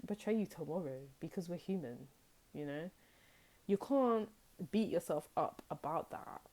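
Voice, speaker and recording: A young woman gives a casual tarot reading straight to her viewers. Her voice sits low and mellow for a woman. She talks in a loose, rambling way and jumps into quoted reactions. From United Kingdom. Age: young adult. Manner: chatty and rambling, acts out quoted reactions with high exclamations. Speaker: tarot reader.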